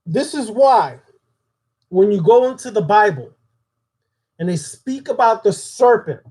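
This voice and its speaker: A man giving a spoken occult lesson, preaching and putting questions to his audience. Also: high-pitched. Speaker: occult teacher.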